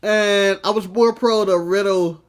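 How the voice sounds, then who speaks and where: High-voiced, laughing wrestling podcast man. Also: a little slow, clear, resonant tone. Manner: laughing, animated storytelling with acted-out quotes. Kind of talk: casual chat.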